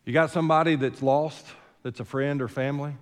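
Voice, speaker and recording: In a church sanctuary with a big-room sound, a senior pastor delivers his sermon slightly fast, his voice a little high and steady. His style is folksy and conversational, peppered with rhetorical questions.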